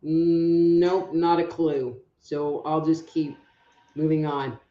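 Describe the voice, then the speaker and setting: A woman's voice: low voice, little pitch movement, slow pace, warm tone, echoey room, highs cut off. A woman hosting a live online show as a psychic reader, chatting casually and rambling through stories while calling out audience members by name. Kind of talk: casual live-stream chat.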